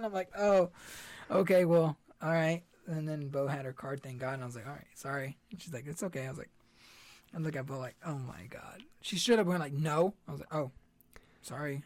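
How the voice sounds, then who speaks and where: A man's voice: fairly high pitch, fast, no room sound. A young man hosting a podcast, chatting casually in a rambling, laid-back way and swearing a lot. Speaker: podcast host. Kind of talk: casual chat.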